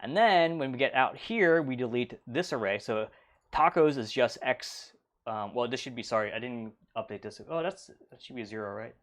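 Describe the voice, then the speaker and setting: A man's voice: mid-range voice, normal speed. A man teaching a programming lesson in a casual, loose way, full of fillers and playful sound effects. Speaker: instructor. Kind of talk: casual whiteboard lecture.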